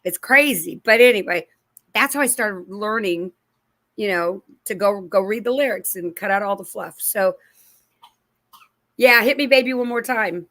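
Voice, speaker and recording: Animated middle-aged woman talking to her channel. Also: medium pitch, a little slow, pauses often, dry recording. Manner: animated storyteller, acting out quoted voices; rambling, with restarts and asides to viewers. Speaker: channel host. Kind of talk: casual religious commentary to camera.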